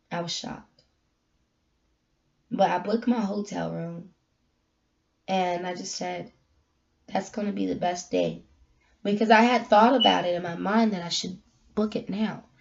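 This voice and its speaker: A woman giving a candid, emotional personal message, moving between soft, quiet lines and loud, emphatic ones. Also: fairly low pitch, creaky, muffled recording. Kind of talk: heartfelt personal talk, sermon-like.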